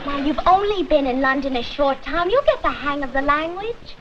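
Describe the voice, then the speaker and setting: Young American, encouraging, high voice, dull hissy old TV audio. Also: female voice, expressive, normal speed. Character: eager young American exchange girl. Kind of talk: 1960s sitcom acting. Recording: dull old TV soundtrack with loud hiss.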